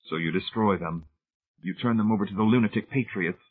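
A man reading a soft, sardonic weary man. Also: lowish voice, a little fast, husky. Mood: dry. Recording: tinny phone-like sound.

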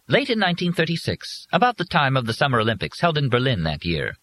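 A man's voice: medium pitch, wildly swooping pitch, quick pace, a bit bright, pitched above the performer's own voice. A man reading an audiobook, voicing a fussy, servile robot servant with formal, precise speech.

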